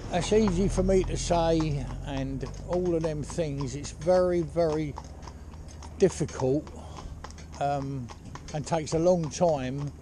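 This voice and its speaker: A man who trains horses, giving casual spoken advice as he drives a carriage, rambling along with "you know" and "yeah?". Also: a little high. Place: outdoors on a horse-drawn carriage. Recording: outdoor noise with hoof clip-clop.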